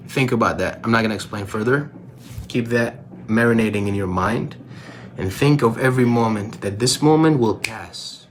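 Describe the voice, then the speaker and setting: A man coaching on life, telling a story with animated delivery, asking the audience questions and repeating key phrases. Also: lowish voice, moderate pace, a little hiss or hum. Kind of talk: motivational storytelling.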